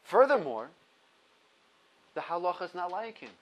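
Man, 30s, high voice, teaching Torah with lively, emphatic storytelling. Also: normal speed, low-quality recording. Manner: laughs at his own stories. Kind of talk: explaining a religious text to a class.

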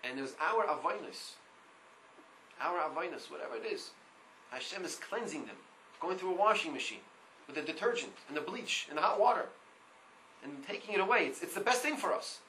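A man giving a Torah class, reading Hebrew lines aloud and translating them, in an animated way that repeats words. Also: a little high, a little fast, pauses often, slight background noise, low-quality recording. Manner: reads Hebrew text and translates line by line. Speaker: Torah teacher.

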